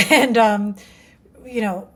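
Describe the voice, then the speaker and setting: A woman's voice: mid-range voice, fairly even intonation, drawn-out words, bright, forceful tone. A woman speaking as a parenting-coach guest on a podcast, earnest and reflective, telling stories with many filler words. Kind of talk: casual interview chat.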